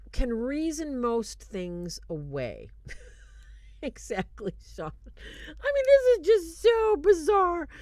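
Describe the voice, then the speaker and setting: A woman hosting a show, retelling a film in casual, animated commentary with fillers and restarts, turning earnest when she draws lessons. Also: lowish voice, no room sound. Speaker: host reviewing a film.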